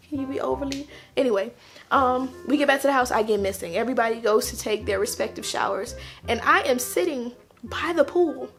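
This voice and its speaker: A woman telling a personal story in a casual, animated way, repeating lines for emphasis. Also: a little high. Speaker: vlogger.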